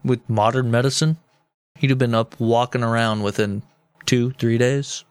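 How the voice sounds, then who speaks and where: A man's voice: mid-range voice, fairly even intonation, moderate pace, clean tone, no echo. A man co-hosting a comedy history podcast, telling the story in a joking, mock-serious way with casual swearing. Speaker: podcast co-host.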